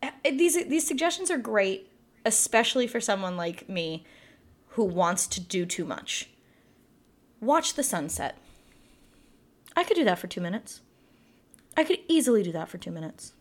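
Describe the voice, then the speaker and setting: A woman co-hosting a casual book chat, talking in an animated, emphatic way. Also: mid-range voice. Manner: animated, emphatic, quick laughs.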